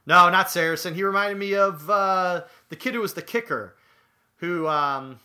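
A man co-hosting a podcast, recapping an episode in halting speech, often repeating words and groping for names. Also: high voice, sharp tone. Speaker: podcast co-host. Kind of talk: casual chat recapping a TV episode.

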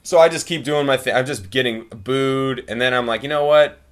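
A man, a stand-up comic, chatting casually and telling animated stories, acting out quotes and laughing often. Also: medium pitch, a little fast. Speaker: stand-up comedian guest. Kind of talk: casual chat, storytelling.

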